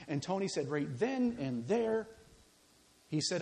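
Animated preaching man telling a story. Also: sits high, unhurried, creaky, pauses often, poor audio. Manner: animated, dramatic storytelling with quoted dialogue. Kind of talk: sermon storytelling.

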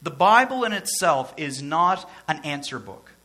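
A male pastor delivers a sermon in a bright, forceful voice that sits a little higher than most men's. He talks conversationally, drops in joking asides, and repeats phrases to drive his points home. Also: very animated, measured pace.

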